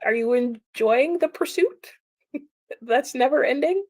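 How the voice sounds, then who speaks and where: A woman's voice: high voice, takes it slowly, a little mellow, dry recording, studio quality. A woman hosting a casual livestream, chatting about chat comments with frequent laughs and lots of "like" fillers.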